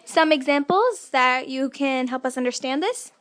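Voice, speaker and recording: A woman's voice: high-pitched, expressive, moderate pace, a bit bright, dry recording. A woman co-hosting a faith podcast, chatty and casual, giving simple examples and laughing lightly. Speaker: podcast co-host.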